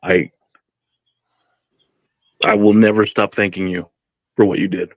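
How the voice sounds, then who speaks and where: A lower-voiced man talks in a loose, rambling way, repeating himself and swearing freely as he thanks the people around him. His voice comes over a dull, lo-fi line with no room sound at all. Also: little pitch movement, measured pace, no echo. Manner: heartfelt, rambling, stammering, profane. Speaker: podcast panelist. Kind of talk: casual chat.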